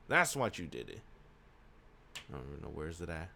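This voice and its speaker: A man reading a visual novel aloud and reacting with excitable, sweary commentary, breaking into shouts. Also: deep voice, normal speed, gravelly, long pauses. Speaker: video game reader. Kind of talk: casual let's-play commentary.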